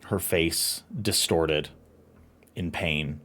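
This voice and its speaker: A man narrating as game master, telling a grim scene in a measured, solemn way. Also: very deep voice, a bit bright. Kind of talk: slow dramatic narration of a nightmare scene.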